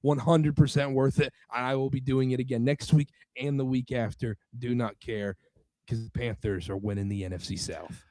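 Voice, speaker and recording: Homem rouco, gravação seca. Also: male voice, mid-range voice, normal speed, no echo. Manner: excitable, jokey. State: hoarse, losing his voice. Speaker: podcast co-host. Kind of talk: casual sports podcast chat.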